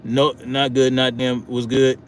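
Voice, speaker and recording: A man's voice: mid-range voice, little pitch movement, unhurried, slight background noise. A man hosting a livestream, telling a story in a casual, profane, rambling way with many restarts. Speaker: livestream host.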